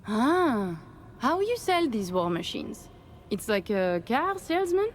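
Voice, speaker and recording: A woman's voice: on the high side, very animated, takes it slowly, a little hiss or hum. An actress voicing a female undercover agent with a put-on French accent, breezy and playful in a video game.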